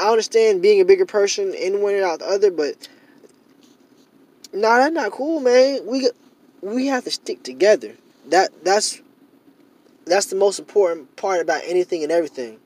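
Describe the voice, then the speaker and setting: A man's voice: high voice, dark tone. A young man in a casual monologue to camera, rambling and repeating himself with many fillers, growing heated and emphatic. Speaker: vlogger.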